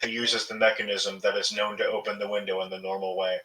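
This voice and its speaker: Low male player, roomy and distant. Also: level tone, fast, bright, forceful tone. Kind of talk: casual tabletop play.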